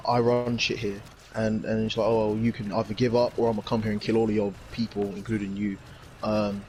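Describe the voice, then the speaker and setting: A man's voice: lowish voice, a little mellow, a little hiss or hum. A young man, casually recapping a TV episode in a rambling, slangy way. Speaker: reviewer. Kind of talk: casual chat.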